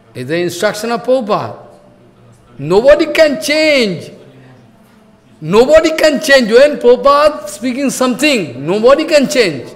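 High-voiced man telling a devotional story. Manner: animated storyteller, acts out quotes, often asks "Follow?"; non-native English with simple phrasing. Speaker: spiritual teacher. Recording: long hall reverb.

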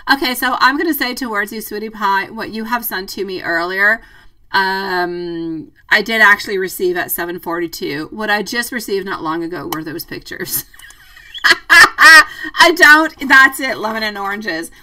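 A woman's voice: medium pitch, normal speed, pushed and bright, distant mic, poor audio. A woman doing a live tarot stream, chatting affectionately with viewers, calling them sweetie and laughing often. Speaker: tarot reader. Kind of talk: live-stream chat reading viewer comments.

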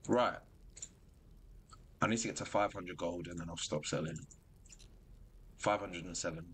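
A man giving casual commentary while streaming a video game. He is animated and excitable, and he laughs often. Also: sits low, a little slow, slight background noise. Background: game music.

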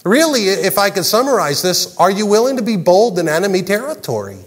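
A man's voice: sits high, very animated, fairly quick, husky, in a large hall. A male pastor preaching a sermon in an earnest way, often repeating words as he presses a point.

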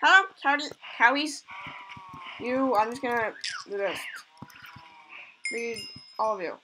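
A woman hosting a let's play, giving excitable commentary and gushing over cute animals. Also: a little high, slow pace, slight background noise, rough recording. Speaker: gaming channel host.

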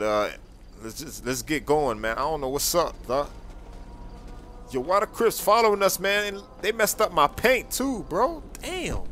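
A young man talking in loud, slang-heavy street talk while role-playing a character in a video game. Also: high voice, slight background noise. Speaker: gaming YouTuber playing a character. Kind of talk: role-play gameplay commentary.

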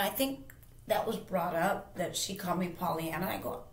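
A channel host with a medium-pitched voice, speaking a little fast, casually tells a personal story. She's emphatic and rambling, often restarting and repeating herself, and the recording has a roomy echo.

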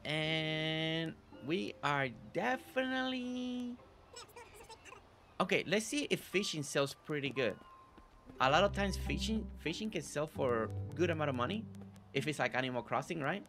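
A man's voice: on the high side, expressive, unhurried. A man with a slight non-native accent hosting a live gameplay stream, chatting upbeat with viewers as he plays. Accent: non-native English accent. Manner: upbeat, greets chat viewers by name. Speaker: gaming channel host. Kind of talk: casual live gameplay commentary. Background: faint game music.

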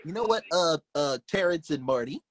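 A woman's voice: low-pitched, lively intonation, normal speed. Barney, as a woman puppeteer voices him. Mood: encouraging. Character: cheerful purple dinosaur, gentle and kindly. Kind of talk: puppet show performance.

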